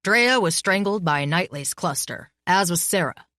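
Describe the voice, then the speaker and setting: Lady doing snooty cold investigator dude, dismissive and superior, lowish voice, dry sound. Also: expressive, normal speed, bright, forceful tone, dry recording. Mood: haughty. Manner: haughty, dismissive. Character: haughty horned male investigator, cold.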